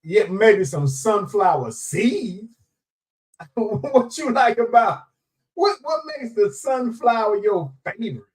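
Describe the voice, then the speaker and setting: A man's voice: sits high, slow. A man hosting a live show, chatting casually and playfully with viewers, greeting them by name and laughing often. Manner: animated, laughing, playful Southern Black vernacular. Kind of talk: casual live-stream chat. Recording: voice somewhat distant from mic.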